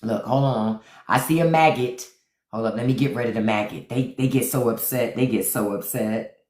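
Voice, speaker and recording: Her voice a rumbling low with a darkish tone at normal speed, a woman hosts an indoor livestream on her phone, offering sassy, playful comedic commentary and repeating lines for effect. The recording echoes around the room.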